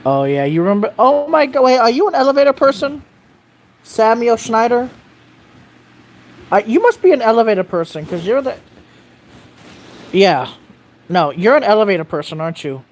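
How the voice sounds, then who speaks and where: A livestreamer in loose, casual chat with a small audience, answering comments. They ramble, stumble over names and restart sentences. They swear offhand and speak at an ordinary, middling pitch. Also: very animated, moderate pace, long pauses. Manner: rambling, self-correcting, reads viewer comments aloud. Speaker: live streamer answering viewer chat.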